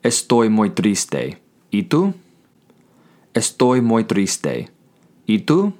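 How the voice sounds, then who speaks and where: A man with a fairly low voice leads a scripted language lesson. He speaks clearly and patiently, saying each phrase twice and slowing down to spell words out. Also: huge pitch swings, a little mellow. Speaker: Spanish language teacher.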